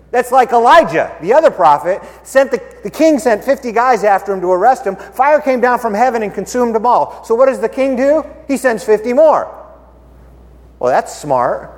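Lively, animated male preacher. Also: high voice, big-room sound. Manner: animated, playful, rhetorical questions, acts out characters. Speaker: preacher teaching the Bible. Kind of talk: conversational sermon.

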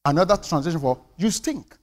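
An older male pastor preaching in a church with a high, animated voice. He drops to hushed asides and then bursts into loud punchlines. The sound carries a long reverb from the hall. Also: brisk. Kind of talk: sermon.

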